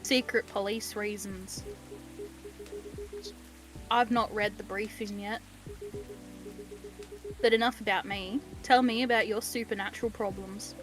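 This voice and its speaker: Woman reading a deadpan Aussie detective. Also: medium pitch, a little slow, pauses often, music in the background, natural voice. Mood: dry. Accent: Australian. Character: secret police detective, dry and offhand.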